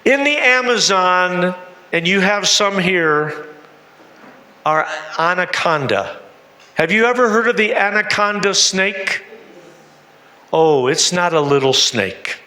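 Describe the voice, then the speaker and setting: A man preaches in a high, bright voice, taking his time as he tells the story with drama and questions for the congregation. His words carry a long reverb from the church hall. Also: lively intonation, slow pace, long pauses. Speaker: missionary preacher. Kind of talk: sermon with storytelling.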